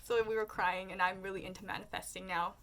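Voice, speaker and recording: A young woman vlogger chatting casually through a story, full of "like"s, and she voices her own remarks in quotes with high squeals. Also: level tone, quick pace, pushed and bright, a little hiss or hum.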